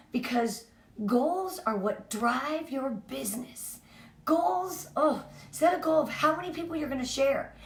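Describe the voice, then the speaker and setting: A woman's voice: on the high side, fairly bright tone. A woman leading a sales team, giving an upbeat, chatty motivational training talk. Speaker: direct sales team leader. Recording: roomy, from a distance.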